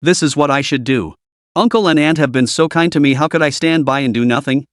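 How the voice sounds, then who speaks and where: A man's voice: on the high side, brisk, dry recording, clean studio sound, lightly acted. A man voicing a flustered, humble young woman who stammers politely.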